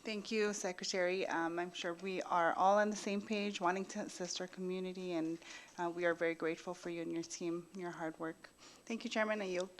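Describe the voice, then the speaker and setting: A woman legislator at a hearing, asking a question in a gentle, courteous way. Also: on the low side, steady tone, a little fast, a little hiss or hum.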